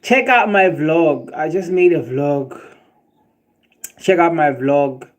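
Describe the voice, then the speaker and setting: Slow and a little high-voiced, this South African livestreamer talks casually with his viewers in a South African accent, ranting with animation, swearing, cracking jokes and laughing at the chat.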